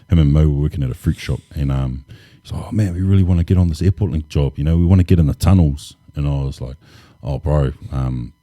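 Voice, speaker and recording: A man, relaxed and laid-back, telling stories as an interview guest with lots of casual fillers. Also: rumbling low, dry recording, studio quality. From New Zealand. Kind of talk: casual storytelling.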